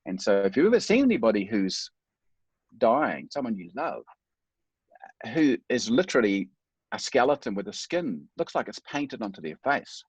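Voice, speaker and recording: A man's voice: medium pitch, big pitch swings, moderate pace, slightly rough, dry recording. A middle-aged man speaking as a guest, telling his life story in an earnest, reflective, self-deprecating way. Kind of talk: personal storytelling in a talk.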